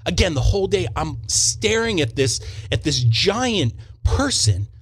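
A young man telling a personal story in an animated, self-mocking way, often repeating words as he goes. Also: fairly high pitch, measured pace, breathy edge. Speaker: storyteller on a faith show.

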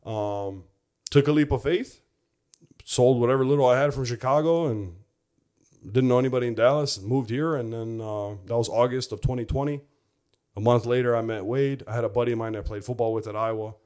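A young adult man giving a personal faith testimony in an earnest, reflective way, pausing often with fillers. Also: mid-range voice, a little mellow. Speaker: former football player giving his testimony.

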